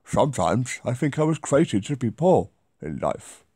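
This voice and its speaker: Guy putting on a posh old middle-class gent, plummy and theatrical, pitch bouncing all over, dry close sound. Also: very animated, a little slow, mellow, slightly rough, no room sound. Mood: pompous.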